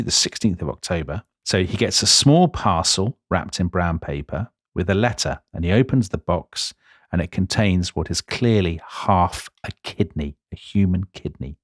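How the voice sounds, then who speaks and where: A man co-hosting a podcast, telling a history story in a lively, emphatic way with casual asides. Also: deep voice, moderate pace, no echo, studio quality. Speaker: podcast co-host.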